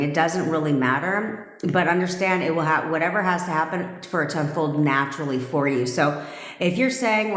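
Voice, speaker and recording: A woman hosting a live coaching stream, talking bluntly and profanely to viewers and checking in with constant "okay?"s. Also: low-pitched. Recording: roomy echo.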